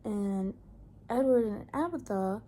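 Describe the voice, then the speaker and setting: A young woman vlogger casually recapping a novel in a chatty, exasperated, animated way. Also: mid-range voice, slow pace, a little hiss or hum. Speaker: book vlogger.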